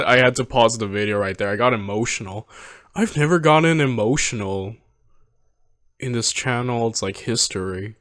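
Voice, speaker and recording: A man in his twenties hosting a movie reaction, talking in a rambling, halting, heartfelt way from home. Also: mid-range voice, animated, a bit bright, no echo, clean studio sound. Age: 20s. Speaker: reaction video host. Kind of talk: casual reflective commentary.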